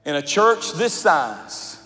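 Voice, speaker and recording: A male pastor preaching a sermon in a large church, swinging from shouted declarations to hushed storytelling. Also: a little high, sing-song, takes it slowly. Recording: echoey church hall, faint music.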